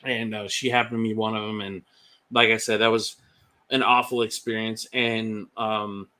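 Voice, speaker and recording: Male podcast guest, low pitch, sharp bright tone, candid testimony. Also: level tone, moderate pace. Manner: candid storytelling with many fillers. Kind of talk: personal testimony.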